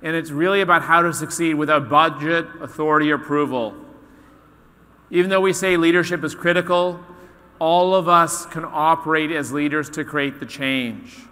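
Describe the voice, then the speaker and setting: A man giving a keynote talk to an audience, telling a story in an animated way and acting out the voices of its characters. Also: a little high, normal speed. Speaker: conference speaker. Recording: long hall reverb.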